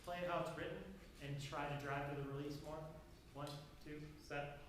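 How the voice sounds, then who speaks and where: High-voiced man conducting a band rehearsal. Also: steady tone, normal speed, over music. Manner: sings rhythms on syllables and counts off bars. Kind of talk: rehearsal instruction. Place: large rehearsal room. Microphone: distant room recording. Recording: very echoey hall, distant, noisy.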